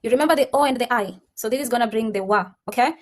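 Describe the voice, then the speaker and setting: A woman teaching a French class, drilling pronunciations by slowly repeating each word. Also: fairly high pitch. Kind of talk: classroom language lesson. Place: classroom with students.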